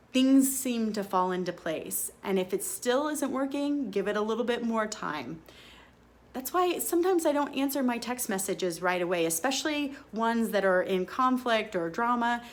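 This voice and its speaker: A woman hosting a podcast, telling a story in a chatty, expressive way and acting out her own quoted lines. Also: mid-range voice. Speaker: podcast host. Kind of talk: casual storytelling monologue.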